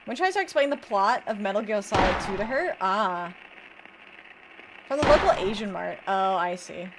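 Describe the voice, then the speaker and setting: A woman's voice: medium pitch, animated, normal speed, heavy background noise. A young woman from the US Midwest streaming a game, chatting casually and reading chat aloud, drawling with a put-on southern twang. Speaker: VTuber streamer.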